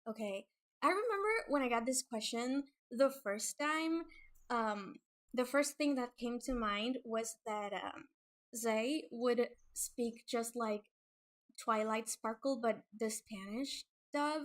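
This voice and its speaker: A young woman talks through a casual livestream, nervous and prone to giggling, stumbling through fillers and restarts. Her voice sits a little high, and she takes her time between thoughts. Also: slow. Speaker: webcomic creator streaming.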